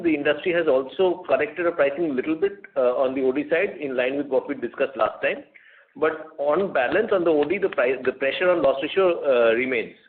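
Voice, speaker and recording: A man, a company executive answering analyst questions unscripted, thoughtful and full of fillers. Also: medium pitch. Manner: thoughtful, hesitant, many fillers. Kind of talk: unscripted answers on an earnings call. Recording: tinny phone line.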